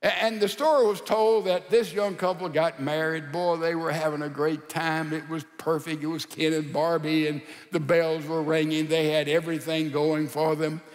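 A male pastor preaching a sermon in a folksy, animated storytelling style with rhetorical asides. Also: on the high side, normal speed, few pauses, long reverb tail, faint music behind.

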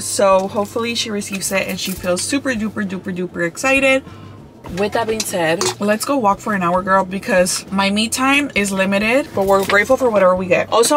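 A young woman vlogging casually to camera, chatty and animated, often turning to her viewers and now and then slipping into Spanish. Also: mid-range voice, slight background noise. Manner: animated, addresses viewers as you guys.

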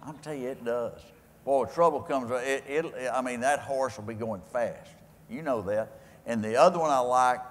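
A man's voice: mid-range voice, moderate pace. An older man with a West Texas accent, telling folksy, rambling stories with homespun sayings to a live audience. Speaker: guest speaker. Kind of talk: storytelling talk to a live audience. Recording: echoey hall with faint ambience.

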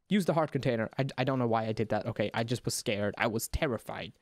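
A young man giving excited, profanity-laced commentary while he plays a video game and taunts the enemy out loud. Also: mid-range voice, fast talker, few pauses. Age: young adult. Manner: excitable, swears, talks to the enemy. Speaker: gaming YouTuber. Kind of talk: live gameplay commentary. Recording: noisy game sound under voice.

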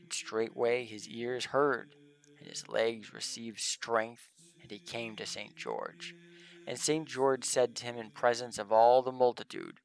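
A man reverently narrating the life of a saint in measured, archaic English. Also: medium pitch, steady tone, vocal fry. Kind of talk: solemn scripted reading of a hagiography.

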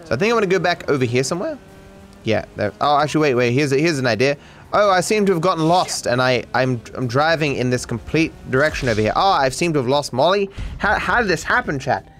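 A man's voice: on the high side, sing-song, fast talker, a bit bright. An Australian man giving sarcastic, swearing live commentary on a game as a streamer, talking to his chat.

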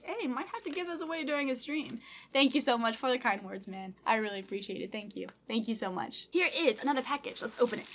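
A woman's voice: fairly high pitch, a little fast, a little hiss or hum. A young woman YouTuber opening fan mail at home in a casual vlog, gushing and thanking viewers again and again. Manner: bubbly, gushing, thanks over and over. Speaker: gaming YouTuber. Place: home room.

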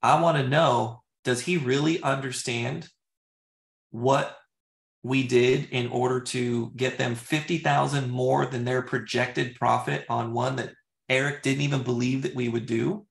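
A man working as a real estate agent, teaching in a loose, casual way, full of fillers like "you know" and "like", and trying sales questions out loud. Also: medium pitch, steady tone, a little slow, vocal fry. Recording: roomy echo.

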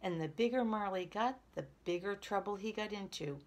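A woman's voice: medium pitch, moderate pace. Woman reading a picture book aloud. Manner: lively, expressive, speaks to children. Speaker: storyteller.

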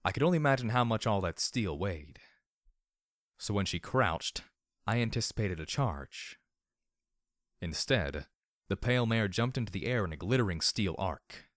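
A man narrating a fan-fiction audiobook in a measured, grim and dryly wry manner. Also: fairly low pitch, animated, a bit bright, no echo, studio quality. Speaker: audiobook reader.

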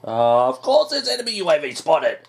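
Excitable man with a lively voice. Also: fairly high pitch, a little fast, gravelly. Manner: excitable, swears and groans at setbacks. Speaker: gaming YouTuber. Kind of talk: gameplay commentary.

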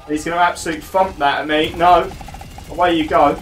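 Male gameplay commentator, upper-middle pitch, casual and excitable, stumbles a little when reading aloud. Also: quick pace, faint music behind.

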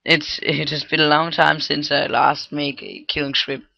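A man thinking aloud through a casual coding tutorial, halting with many fillers and restarts, on a low-quality microphone. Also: level tone, vocal fry, bright, forceful tone, muffled recording. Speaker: scripting tutorial maker. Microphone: cheap computer microphone.

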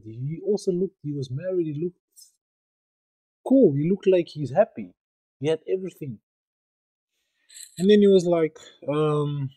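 A man's voice: on the high side, a little slow, pauses often, dark tone, husky, no echo, poor audio. A young man hosting a podcast, telling a true story in an earnest, rambling way, with many fillers and repeated phrases. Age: young adult. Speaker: podcast host. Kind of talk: storytelling monologue.

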